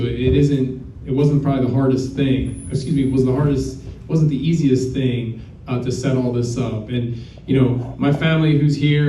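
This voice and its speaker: A man's voice: mid-range voice, dark tone, a little hiss or hum. A man giving a rambling, self-deprecating hall of fame acceptance speech as a coach. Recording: roomy, distant, muffled.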